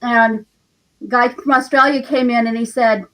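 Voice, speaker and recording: A woman with a slightly raised pitch tells a loose, chatty story on a video call. She strings her thoughts together with casual fillers. Her telling is relaxed and unscripted. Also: measured pace, far from the mic, rough recording. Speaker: guest on a call, a participant's wife.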